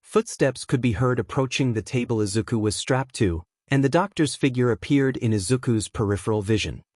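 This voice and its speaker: Man narrating a dark story, dry close sound. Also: mid-range voice, brisk, no room sound. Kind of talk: reading fan fiction aloud.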